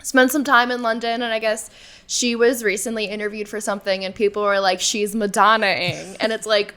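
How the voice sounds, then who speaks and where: A woman co-hosting a podcast, telling a chatty side story in a relaxed conversational way. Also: on the high side, brisk, clean tone. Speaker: podcast co-host. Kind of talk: casual chat.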